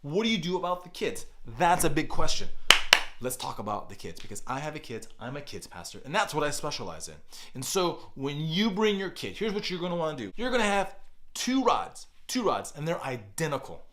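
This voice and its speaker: Energetic, lively middle-aged pastor. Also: male voice, a little high. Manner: energetic, deliberately exaggerated delivery. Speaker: kids pastor. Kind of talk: podcast advice talk.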